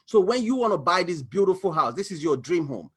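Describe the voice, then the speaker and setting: A man's voice: high-pitched, fairly quick, slightly rough. A man coaching viewers on personal finance over a shared screen, talking animatedly and acting out little scenes between a couple and their bank. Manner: animated, acts out little dialogues, exclaims. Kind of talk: screen-share explainer talk.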